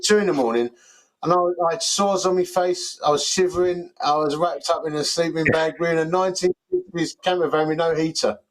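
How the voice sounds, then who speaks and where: A man co-hosting a casual chat show. He jokes and banters easily, and his voice sits a little higher than most men's. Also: fairly even intonation, fairly quick, poor audio. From East London. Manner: jokey, chatty, laughs easily. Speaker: co-host.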